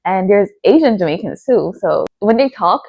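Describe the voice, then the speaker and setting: A woman's voice: mid-range voice, expressive, normal speed, no room sound, highs cut off. A young woman talking casually about books she has read, chatty, with lots of fillers like "like" and "you know". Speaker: book vlogger.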